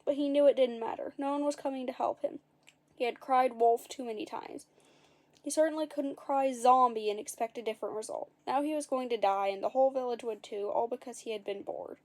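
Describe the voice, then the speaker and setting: A woman's voice: fairly high pitch, a little fast, darkish tone. A woman reading a children's story aloud, with playful asides to the listeners.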